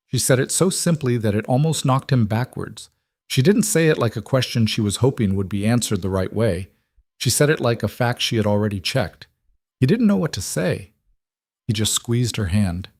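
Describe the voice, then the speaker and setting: A man narrating a scripted story in a steady, plain manner. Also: on the low side, normal speed, no room sound, studio quality.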